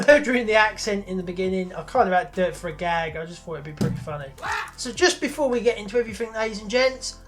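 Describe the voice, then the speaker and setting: A woman hosting a casual film review vlog from her room, chatty and upbeat. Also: medium pitch. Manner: chatty, upbeat, repeats "ladies and gents". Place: bedroom at home.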